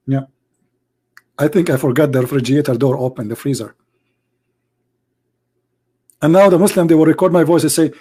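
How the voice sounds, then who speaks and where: A man with a hoarse, worn-out voice leads a live religious polemic stream. His voice sits a bit high, and he speaks in emphatic, non-native English, piling up rhetorical questions. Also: a little fast, pauses often, warm tone. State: hoarse, voice nearly gone. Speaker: livestream debate host.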